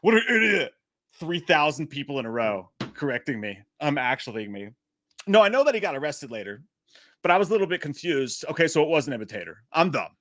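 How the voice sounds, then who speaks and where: A man hosting a live chat about a movie, animated and profane, joking at his own expense. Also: fairly high pitch, quick pace. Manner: animated, profane, self-mocking jokes. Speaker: livestream host.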